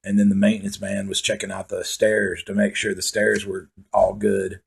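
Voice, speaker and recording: A man's voice: fairly low pitch, monotone, normal speed, creaky, slightly rough. A man doing rambling, profane stand-up storytelling, full of fillers. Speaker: comedian. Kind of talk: stand-up monologue.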